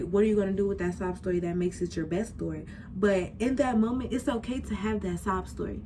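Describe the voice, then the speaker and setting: A woman's voice: medium pitch, fairly quick, few pauses, noisy background. A young woman in her twenties hosting a podcast, talking candidly and casually about her life, with slangy, heartfelt phrasing. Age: 20s. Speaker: podcast host. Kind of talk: candid personal talk.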